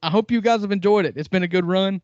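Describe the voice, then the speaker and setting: Mississippi guy on a sports pod, kinda high voice, dull dry mic, playful jabs. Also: fast, darkish tone, no room sound. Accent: Northeast Mississippi. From Northeast Mississippi. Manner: playful ribbing, chuckles. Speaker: podcast co-host. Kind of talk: casual sports podcast chat.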